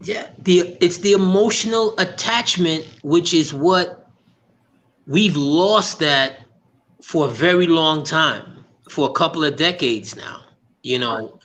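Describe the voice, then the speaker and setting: A man co-hosting a casual chat, adding short affirmations and slow, reflective remarks. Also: a little high, fairly bright tone. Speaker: podcast co-host.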